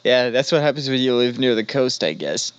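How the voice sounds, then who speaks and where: A man's voice: mid-range voice, expressive, clean tone, no echo, lo-fi sound. A man co-hosting a casual podcast, teasing dryly and laughing easily. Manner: dry, wry teasing with quick laughs. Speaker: podcast co-host.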